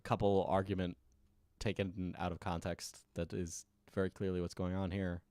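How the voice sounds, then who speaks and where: A man's voice: deep voice, flat delivery, normal speed, a little mellow, no room sound, studio quality. A man streaming, giving joking, sarcastic reaction commentary.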